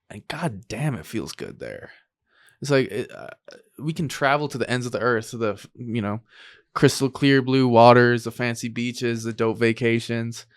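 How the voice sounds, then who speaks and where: A young man from upstate New York hosts a podcast in a casual, relaxed way. He speaks haltingly and with emotion, often breaking into laughter while tearing up. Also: mid-range voice. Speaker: podcast host. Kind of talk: casual chat.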